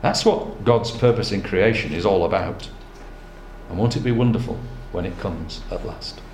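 A man preaching a sermon, earnest and measured, weaving in scripture quotations. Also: sits low, a little mellow. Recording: echoey room with faint background noise.

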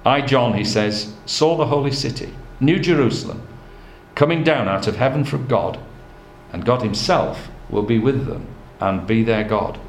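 A man preaching a sermon, earnest and measured, weaving in scripture quotations. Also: mid-range voice, animated. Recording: echoey room with faint background noise.

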